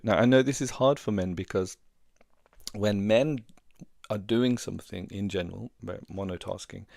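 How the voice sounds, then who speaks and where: Gravelly low-voiced man giving advice. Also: darkish tone, no room sound, clean studio sound. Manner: earnest, conversational, shares personal stories. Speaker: relationship coach. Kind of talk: casual advice talk.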